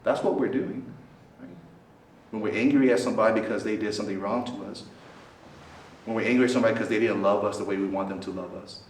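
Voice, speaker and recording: At a quick pace, a low-voiced male priest talks to a student fellowship in a student center meeting hall, continually asking the room questions and tacking on "right?" His delivery is lively, with dramatic swings in pitch and loudness. A distant mic captures the hall's echo and faint background noise.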